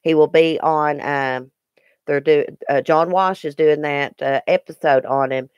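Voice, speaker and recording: A woman's voice: sits low, steady tone, measured pace, darkish tone, smooth, no room sound, lo-fi sound. Lady chatting live with her viewers, earnest, lots of ums, dead dry sound. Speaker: YouTube live-stream host. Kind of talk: casual live-stream chat, answering viewer comments.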